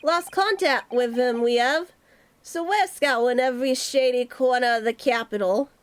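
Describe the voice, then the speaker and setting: A woman's voice: high-pitched, moderate pace, close to an everyday voice. A woman voicing a brash male thief, reading game dialogue aloud over faint music. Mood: swaggering. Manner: brash, slangy. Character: rough cockney male thief, swaggering.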